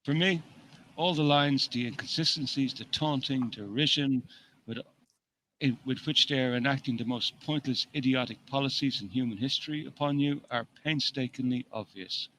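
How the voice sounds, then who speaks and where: A man's voice: medium pitch, moderate pace, a bit bright, a little hiss or hum, poor audio. A man co-hosting a casual talk show, rambling with frequent restarts and swearing freely as he reads long passages from an article. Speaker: podcast co-host. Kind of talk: casual chat, reading an article aloud.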